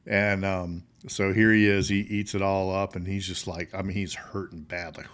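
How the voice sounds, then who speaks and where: A middle-aged American man with a fairly low voice tells old army stories in a loose, casual way. He chuckles through his sentences and leans on plenty of "um" and "you know" as he goes. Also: flat delivery, normal speed, few pauses, a bit bright. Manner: laughs while telling stories, many fillers. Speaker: podcast host, army veteran. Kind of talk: casual storytelling.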